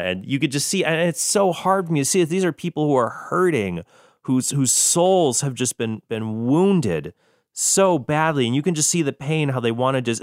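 Smooth, dry-voiced male commentary host. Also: lowish voice, a bit bright, no room sound. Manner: earnest, explanatory, with bursts of sarcasm and mock British impressions. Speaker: Catholic apologetics show host. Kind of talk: solo commentary show.

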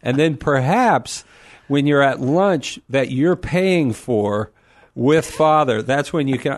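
A man answering a caller as a guest on a call-in radio show, earnest and animated, often laughing and repeating words as he thinks. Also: mid-range voice, takes it slowly, no room sound.

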